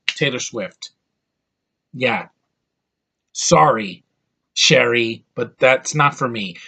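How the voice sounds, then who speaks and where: A man rants through a film review, blunt and openly exasperated. His voice sits at an ordinary middle pitch, and he jumps around and restarts his sentences as he talks. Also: sharp tone. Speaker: movie reviewer. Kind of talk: ranting film review to camera.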